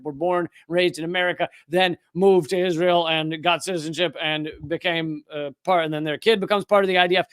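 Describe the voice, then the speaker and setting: A man with a notably high voice hosts a live-streamed commentary show. He rambles, stops to correct himself, and drops sarcastic asides. The sound is close and dry, with no room echo. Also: a bit bright. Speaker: political commentator host.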